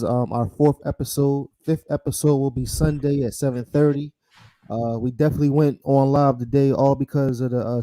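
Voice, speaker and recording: A man's voice: mid-range voice, mellow, no echo. A man hosting a casual sports talk stream, laid-back and rambling. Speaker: podcast host.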